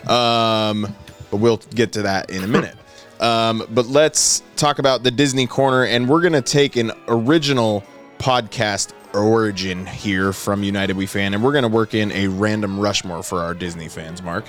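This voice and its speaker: A man co-hosts a fan podcast in a relaxed, easygoing way. His voice sits on the lower side, with a faint music bed at times. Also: moderate pace. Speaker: podcast co-host. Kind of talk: casual podcast chat.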